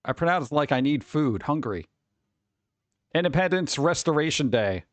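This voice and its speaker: Wisecracking man with a lively voice. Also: fairly high pitch, a little fast, dry recording. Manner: wisecracking, sarcastic asides. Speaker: streamer host. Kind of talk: casual live-stream chat.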